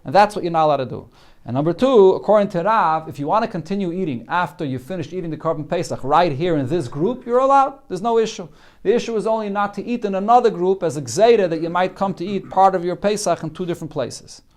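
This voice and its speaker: Talmud teacher man, higher-pitched voice. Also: quick pace, a little mellow. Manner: explains Aramaic text line by line with many fillers. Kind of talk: daily Talmud class.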